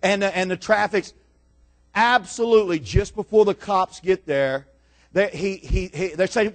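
A man preaching a sermon, moving from calm scripture reading to loud, dramatic storytelling with repeated phrases. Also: high voice, a little slow. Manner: builds from calm to shouting storytelling; dramatic, repetitive preaching cadence.

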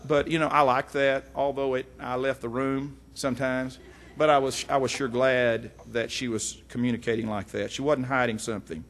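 A middle-aged man, teaching from the Bible in a folksy, animated way with frequent asides. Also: mid-range voice. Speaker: preacher.

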